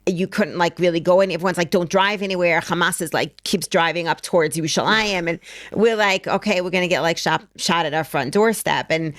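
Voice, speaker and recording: Animated middle-aged woman telling a story. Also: low voice, dry recording, clean studio sound. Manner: animated, acts out quotes. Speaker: guest. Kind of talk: casual storytelling.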